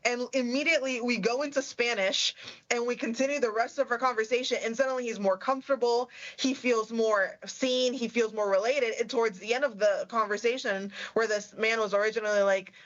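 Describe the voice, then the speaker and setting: A woman's voice: on the high side, fairly even intonation, a little fast, a bit bright. Puerto rican lady chatting on a panel, lots of um and you know, kinda dull audio. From Puerto Rico. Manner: chatty, storytelling, many fillers. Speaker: tech sales guest. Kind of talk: panel conversation.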